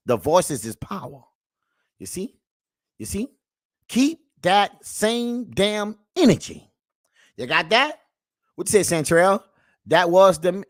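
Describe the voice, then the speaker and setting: Male reaction host, preachy comic rant, very lively pitch, dry close mic. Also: no echo. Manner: preachy, keeps calling out to the people; drawn-out, animated swings between mutter and shout.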